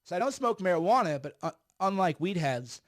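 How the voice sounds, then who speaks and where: A man's voice: high-pitched, big pitch swings, fairly quick. A middle-aged man giving blunt, emphatic political commentary on a livestream while smoking a cigar.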